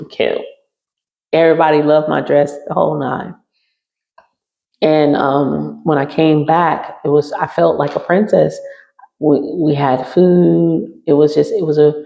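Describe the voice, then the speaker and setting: A woman's voice: sits low, gravelly. A woman teaching a healing class, telling a personal story to her listeners and circling back over her own phrases as she recounts it. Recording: roomy and slightly muffled.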